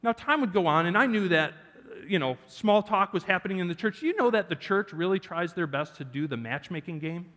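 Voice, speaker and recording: His voice sits high and moves fairly quickly as he preaches, animated and joking with the congregation through a personal story. The sermon echoes with the reverb of a church sanctuary hall.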